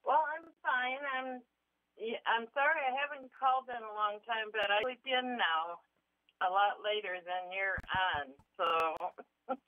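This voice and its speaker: Slow-talking older woman on a phone line. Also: a little high, no room sound. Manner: slow, brief answers. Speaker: caller. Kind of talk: casual call-in chat. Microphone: telephone.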